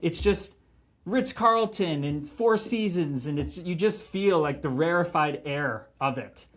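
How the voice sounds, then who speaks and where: A man's voice: on the high side, unhurried. A man in his thirties, a former pro hockey player, swearing freely as he tells stories in a casual podcast interview. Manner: profane, animated storytelling.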